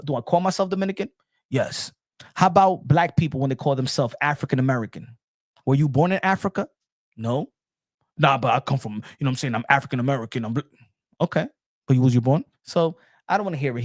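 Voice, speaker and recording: A man giving an opinionated casual boxing monologue, repeating phrases and getting louder as he gets worked up. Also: fairly high pitch, no echo, clean studio sound. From New York. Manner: animated, repeats phrases, rising to shouts when worked up. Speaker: boxing commentator.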